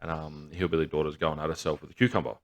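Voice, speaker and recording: Very deep-voiced man telling crude jokes. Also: flat delivery, very fast, gravelly. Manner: crude joke-telling, swears freely, laughs often. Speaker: podcast co-host. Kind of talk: casual banter.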